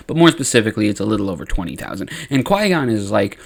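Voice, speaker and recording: A man narrating a comedic story recap, slipping into quick character voices as he goes. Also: mid-range voice, gravelly. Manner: lively, playful quoting of characters.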